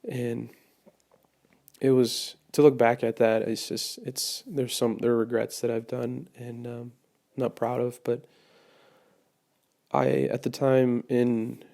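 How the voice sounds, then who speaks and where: A young man sharing a personal testimony, hesitant, with many pauses and restarts. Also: medium pitch, little pitch movement, gravelly, dark tone. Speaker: testimony speaker.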